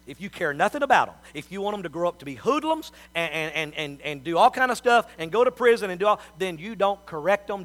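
A middle-aged man delivers a sermon in a high, bright voice. He talks in a folksy, storytelling way, dropping to soft asides and rising to loud appeals to the congregation. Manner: folksy storytelling with big swings in loudness. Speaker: preacher.

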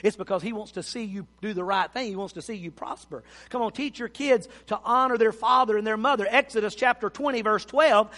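High-voiced pastor in a hall. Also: male voice, fairly quick, hardly any pauses, bright, forceful tone. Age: 50s. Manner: folksy, repeats words when emphatic. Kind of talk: sermon. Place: church sanctuary. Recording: long church hall reverb.

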